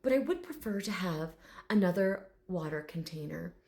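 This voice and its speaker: Woman doing a refined little male dragon spirit: formal, soft-spoken, unhurried, haughty intellect. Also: lowish voice, lively intonation, creaky. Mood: prim.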